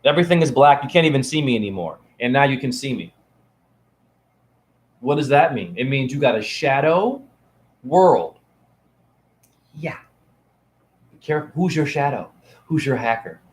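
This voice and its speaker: A man's voice: medium pitch, expressive, moderate pace, long pauses, reverberant. A man in a rambling, playful, preachy teaching monologue, filmed on his phone. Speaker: spiritual teacher. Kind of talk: casual teaching monologue to camera. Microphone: phone camera.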